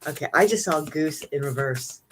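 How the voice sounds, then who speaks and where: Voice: medium pitch, animated, fairly quick, very noisy. Giggly rambling card reader. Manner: rambling and giggly, many fillers. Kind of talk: casual oracle card reading chat.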